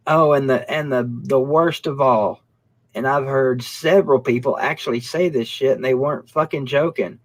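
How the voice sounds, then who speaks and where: Joking, cussing live-stream host. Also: male voice, medium pitch. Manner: profane, joking, reads comments. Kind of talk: casual live-stream chat.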